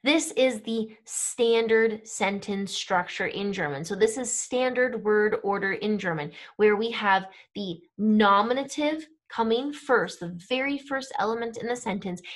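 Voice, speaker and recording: Higher-voiced woman teaching with patient clarity. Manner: clear, patient explaining with frequent "right?" and "okay?" check-ins. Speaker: language teacher. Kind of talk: explaining grammar to camera.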